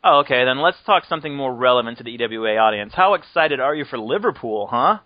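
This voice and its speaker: A man's voice: medium pitch, lively intonation, fast talker, no echo. A man hosts a podcast in easygoing, rambling chat, cracking jokes and laughing now and then. His voice sits in a middle register. The sound is dry and close, with a dull, lo-fi call quality. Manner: joking, rambling, laughs often. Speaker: podcast host. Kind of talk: casual chat.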